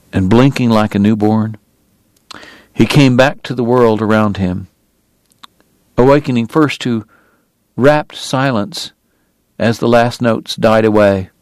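A man narrating a novel in a measured, unhurried storytelling manner. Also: lowish voice, no echo. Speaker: audiobook narrator. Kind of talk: scripted narration.

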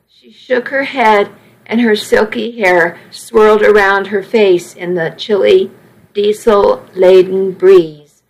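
A woman reading a first-person audiobook in a measured, expressive way. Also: mid-range voice, rough recording. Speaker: audiobook narrator.

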